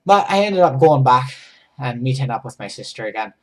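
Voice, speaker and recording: A man's voice: medium pitch, animated, fairly quick, darkish tone. A man narrating a goofy first-person story while he draws, rambling and breaking off to fix his drawing. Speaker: storyteller and drawer.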